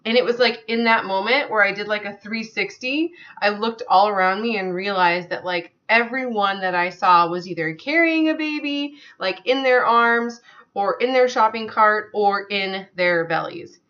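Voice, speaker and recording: A woman talks straight to her viewers, sharing a personal story in an earnest, conversational way. She fills her sentences with small hesitations, and her pitch sits in an ordinary middle range. The recording sounds slightly dull and lo-fi. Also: moderate pace, bright, forceful tone. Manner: earnest, conversational, many fillers. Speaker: vlogger.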